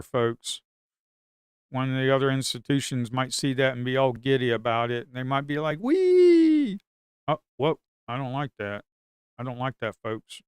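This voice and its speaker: A man provides live futures-trading commentary to viewers, muttering and repeating phrases to himself and occasionally swearing at the market. His mid-range voice is smooth, recorded with studio quality and no echo.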